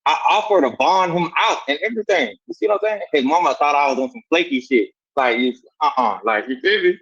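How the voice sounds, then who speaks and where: A man's voice: mid-range voice, husky. A man from Savannah with a Southern accent, telling a street story in casual talk and acting out the voices in it. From Savannah, Georgia. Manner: animated, acts out voices in quotes. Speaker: guest telling his life story. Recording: dull lo-fi sound.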